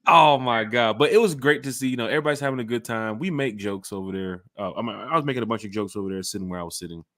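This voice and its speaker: A man hosting a fan podcast in casual chat, telling stories with lively acted-out quotes on a home mic and camera. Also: mid-range voice, very fast, no room sound, clean studio sound. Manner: animated storyteller acting out quotes. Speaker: podcast host.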